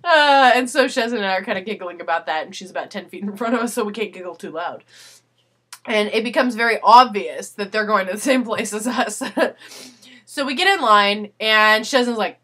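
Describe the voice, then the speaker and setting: A young woman telling a story in a casual video letter, animated and swearing, acting out what people said. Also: medium pitch, fairly quick. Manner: animated, swearing, acts out quotes.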